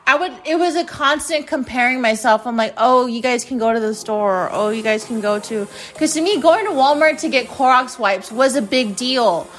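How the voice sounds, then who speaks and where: A woman from the United States in her late twenties hosts her podcast, speaking at a normal speed with hardly any pauses in a fairly high, fairly bright voice. She tells frank, casual solo stories about her freshman year and swears freely. A little hiss or hum is present.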